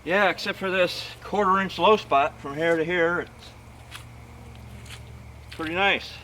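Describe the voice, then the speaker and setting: A man's voice: sits high, unhurried, pushed and bright, slight background noise. A man hosting a casual outdoor video, chatting to viewers in a folksy way as he works. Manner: chatty, folksy, talks to viewers while working. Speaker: video host. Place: outdoors at a log-milling site.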